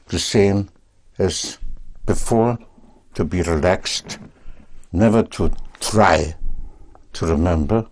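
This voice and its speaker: A man teaching a language lesson, speaking patiently and deliberately in short phrases. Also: sits low, darkish tone, husky.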